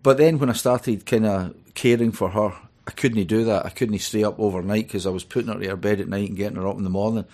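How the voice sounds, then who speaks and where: A man's voice: fairly low pitch, fairly even intonation, quick pace, hardly any pauses, darkish tone. A middle-aged Scottish man, a guest in an interview, telling rambling stories full of fillers. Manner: chatty storyteller, rambling with many fillers. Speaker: author and DJ guest. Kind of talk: radio interview.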